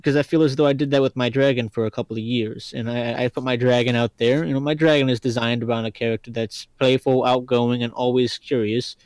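A man's voice: mid-range voice, fairly even intonation, a little fast, hardly any pauses, darkish tone, dry recording. Man, hard-to-place accent, rambling and playful, lots of ums, dry close recording. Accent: hard-to-place, not regional Kentucky. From Lexington, Kentucky, US. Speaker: podcast guest. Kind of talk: casual chat.

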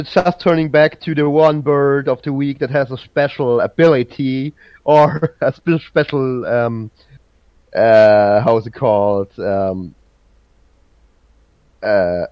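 A man's voice: medium pitch, steady tone, takes it slowly, dry recording, lo-fi sound. A man hosting a casual podcast quiz. He halts, restarts and searches for his words. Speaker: podcast host running a trivia quiz. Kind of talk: casual chat.

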